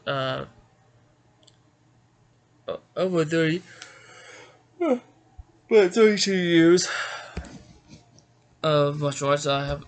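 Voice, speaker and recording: A middle-aged martial arts author from Georgia in the United States introduces himself casually, stammering and restarting often. His voice is fairly high and fairly bright, with a clean tone.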